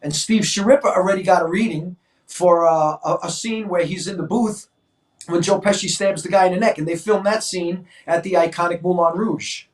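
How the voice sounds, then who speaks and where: A man in his sixties from New York, a co-host telling stories in an animated way and acting out voices in casual chat. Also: high-pitched, moderate pace. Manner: animated, acts out quoted voices. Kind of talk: casual storytelling. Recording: echoey room, mic at a distance.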